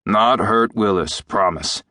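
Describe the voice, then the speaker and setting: A man's voice: fairly low pitch, animated, normal speed, a bit bright, dry recording, studio quality. A man voicing a blunt, teasing elderly male doctor in an audiobook. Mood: coaxing. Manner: brusque, dryly joking.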